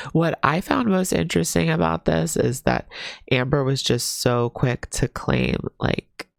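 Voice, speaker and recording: A man's voice: medium pitch, creaky, dry recording, studio quality. A young man hosting a reaction commentary, chatty and gossipy, sounding stuffy and under the weather. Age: young adult. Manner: chatty, gossipy, filler-heavy. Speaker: drama commentary host.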